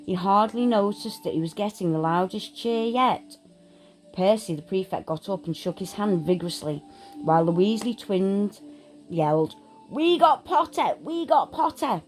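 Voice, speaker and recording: A woman's voice: mid-range voice, moderate pace, darkish tone, faint music behind, low-quality recording. A woman reading a storybook aloud.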